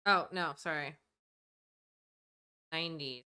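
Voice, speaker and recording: A woman's voice: high voice, normal speed, sharp tone, clean tone. A woman streamer reacting to old news footage with sarcastic, joking asides. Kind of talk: casual reaction commentary.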